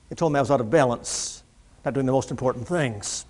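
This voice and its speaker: A man's voice: medium pitch, a little fast, darkish tone. A middle-aged man giving a humorous keynote speech to a live audience as a motivational speaker, telling stories with punchline timing. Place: large room with audience.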